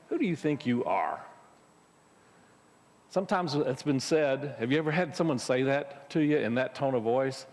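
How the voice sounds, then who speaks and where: In a church sanctuary filled with long reverb, a man with a slightly mellow, rather high voice talks informally to his congregation as their minister. He frequently restarts his sentences and leans on fillers.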